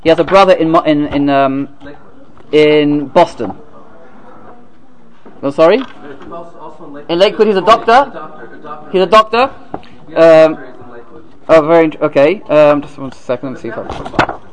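A man giving a sermon as a rabbi, halting and repeating words, then reading a story aloud. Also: a little high, expressive, low-quality recording.

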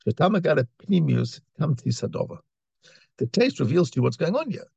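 A man's voice: a little high, sing-song, a little fast, creaky, a little mellow, husky, no echo, highs cut off. A man teaching a Torah class, reading Hebrew phrases and explaining them in English, often repeating words as he searches for the next one. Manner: reads Hebrew lines then translates, with repetitions and restarts.

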